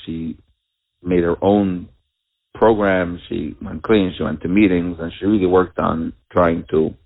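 A father telling a personal story at a community talk, halting and earnest, with many pauses and restarts. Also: sits low, fairly even intonation. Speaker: father telling of his daughter. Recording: tinny, phone-like narrow sound.

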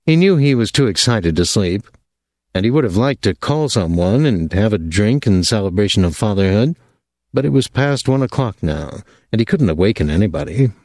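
A man with a low voice reads a novel aloud, his delivery swinging freely up and down. He sounds close to the mic in a dry, dead room. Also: animated, normal speed, darkish tone, dry recording. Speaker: audiobook narrator. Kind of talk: scripted narration.

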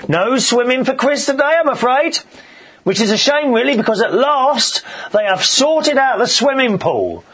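Guy gossiping away on his show, husky voice, bouncy pitch, pretty high for a man. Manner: gossipy, animated storytelling. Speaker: show host. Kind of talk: casual chatty monologue.

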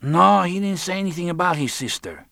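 A man doing a high, whiny young man. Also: animated, fairly quick, gravelly, pushed and bright, no echo, studio quality, full character voice. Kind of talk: audiobook narration.

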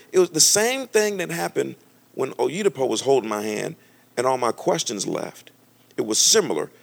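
A man preaching a storytelling sermon to a congregation, animated and conversational, often restarting his sentences. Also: a little high, creaky, husky. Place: church with a live congregation.

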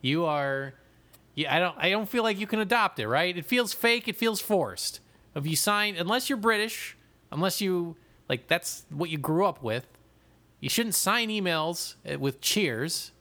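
With a high-pitched voice and a slightly slow pace, a man co-hosts a podcast in a nasal Midwestern accent. His casual banter is animated, full of swearing and laughs.

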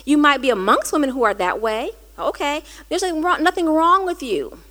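Woman host, high-pitched, candid storyteller, warm confessional chat. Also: fairly quick. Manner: earnest, conversational, rising to animated quoted dialogue.

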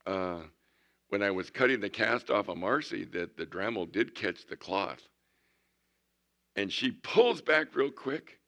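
A man in his sixties preaching a folksy sermon, swinging from loud bursts to hushed tones. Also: on the low side, creaky. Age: 60s. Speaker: pastor.

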